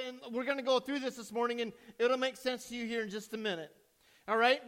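A man's voice: very high voice, a bit bright. A male pastor giving a sermon, reading scripture, praying and asking the congregation questions in a conversational way. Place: church.

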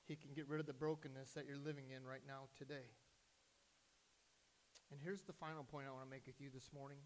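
Male pastor, higher-pitched voice, sermon delivery with quiet drops and loud surges. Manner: preaching with sudden loud rises and hushed drops.

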